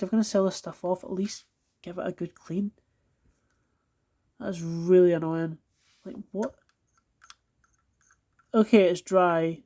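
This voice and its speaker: Her voice is fairly low and warm as this Scottish woman reviews die-cast cars in a casual unboxing video, sitting on a carpeted floor at home. Exasperated, she swears often and keeps apologizing for it.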